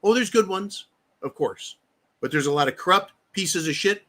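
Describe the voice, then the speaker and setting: A man's voice: high voice, lively intonation, normal speed, a bit bright. A man hosting a live stream, angrily ranting with lots of profanity and reading viewer comments aloud. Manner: angry, profane, heated ranting. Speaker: livestream host. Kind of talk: live-stream political rant.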